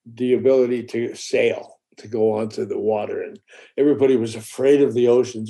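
Speaking fairly quickly with a medium pitch, a man spins a story during relaxed chat. He animatedly voices each of the characters, dropping the occasional curse word.

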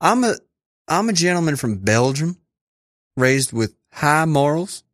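Man doing a sleazy fake-gentleman pizza tycoon, high and swooping, dry close sound. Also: very animated, measured pace, no room sound. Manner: sleazy, evasive, calls others boy. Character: shifty male pizza tycoon posing as a Belgian gentleman. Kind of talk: improvised comedy sketch. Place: studio.

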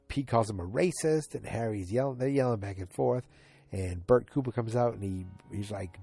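Brief: a rambling male recapper, mellow and a bit low-pitched. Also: normal speed, creaky, slightly rough, soft background music. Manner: rambling, with many fillers and restarts. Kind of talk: casual episode recap.

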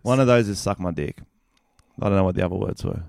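A man's voice: low-pitched, fast, gravelly, a little mellow, no echo, clean studio sound. A young Australian man co-hosting a podcast, chatting in casual crude banter, joking and swearing freely. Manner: joking, swears freely, does mock accents. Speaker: podcast co-host.

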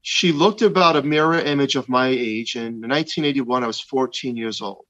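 Man in his fifties, earnest halting storyteller, mid pitch, slightly muffled recording. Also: fairly bright tone. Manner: slow, halting, earnest retelling with many restarts. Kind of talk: personal testimony of a near-death experience.

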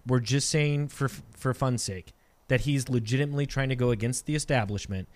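A man's voice: medium pitch, fairly quick. Man rambling through a debate point. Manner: rambling, restarts sentences, hedging. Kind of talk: casual debate chat.

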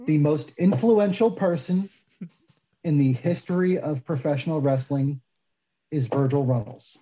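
Guy guest on a podcast, kinda high but mellow voice, dull lo-fi sound, opinionated, pokes fun at himself. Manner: self-deprecating, opinionated, lively when arguing. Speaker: guest soap maker. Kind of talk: casual podcast interview.

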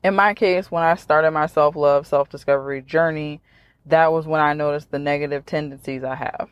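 A woman's voice: sits low, steady tone, moderate pace, clear, resonant tone, no room sound. A woman in her thirties hosting her own podcast, talking in a chatty, ranting way with dry sarcasm. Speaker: podcast host. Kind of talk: casual solo podcast chat.

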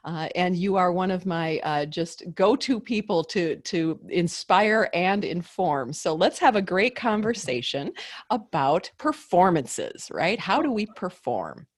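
A woman's voice: fairly low pitch, big pitch swings, measured pace. A woman hosting an interview over a video call, asking questions with enthusiasm and frequent fillers and restarts. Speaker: host. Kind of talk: conversational interview.

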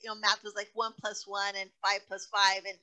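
Very bright, chatty middle-aged woman host. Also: mid-range voice, flat delivery, brisk, rough recording. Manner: warm, chatty, laughs easily. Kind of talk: casual interview chat.

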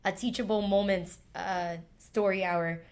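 A woman's voice: medium pitch, fairly even intonation, unhurried. A woman, a former teacher, telling a heartfelt personal story in an interview, emotional and full of "like" fillers.

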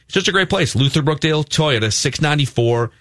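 A man's voice: a little high, expressive, quick pace, fairly bright tone, no echo, clean studio sound. A man co-hosting a sports talk radio show, chatting casually and reading live ads in a conversational way.

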